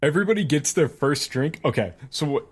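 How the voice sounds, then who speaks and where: A man's voice: a little high, lively intonation, brisk, husky. A man running a tabletop game as game master, talking in a casual, folksy way.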